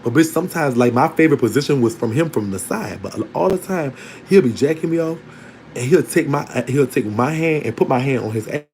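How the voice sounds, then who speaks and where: A man in the middle of a long, candid story, speaking at an ordinary, mid-range pitch. His delivery is animated and unfiltered, and he laughs often as he talks. A faint noise sits under the recording. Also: brisk, poor audio. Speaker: storytelling vlogger. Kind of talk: casual storytelling to an online audience.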